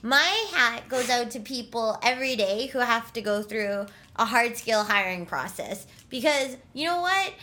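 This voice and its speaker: A woman co-hosting a podcast in lively casual chat. Her voice is bright and forceful, a touch higher than most, and she talks loudly and laughs often. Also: a little slow, few pauses, a little hiss or hum. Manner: loud, laughs often, animated. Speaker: podcast co-host.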